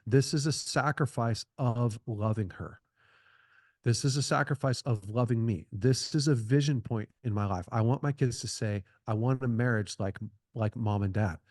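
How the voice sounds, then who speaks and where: A man's voice: medium pitch, moderate pace, a little mellow, dry recording, clean studio sound. Earnest man giving relationship advice. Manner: earnest, repetitive phrasing with frequent restarts. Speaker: podcast guest. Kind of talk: conversational advice talk.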